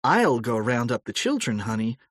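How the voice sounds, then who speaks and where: A man's voice: medium pitch, sing-song, moderate pace, a bit bright, no room sound, studio quality. A man voicing a hospitable wife and mother in an audiobook, coaxing and motherly. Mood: welcoming. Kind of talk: audiobook character voice.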